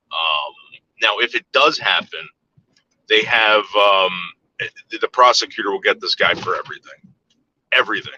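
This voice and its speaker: A man's voice: on the low side, animated, moderate pace, pauses often, bright, forceful tone, dull audio. A man in casual chat, telling a story in a rambling, profane way with frequent repeated words and restarts.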